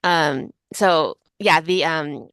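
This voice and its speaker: A woman's voice: low-pitched, very slow, a bit bright, clear, resonant tone, no echo. A woman from Chicago co-hosting a podcast, chatting casually and rambling with lots of fillers. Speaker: podcast co-host. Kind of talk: casual chat.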